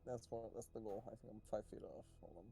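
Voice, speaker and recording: A man playing in a tabletop game, talking in an easygoing way that often trails off quietly. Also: lowish voice, fast talker, creaky, faint music behind. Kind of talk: casual game chat.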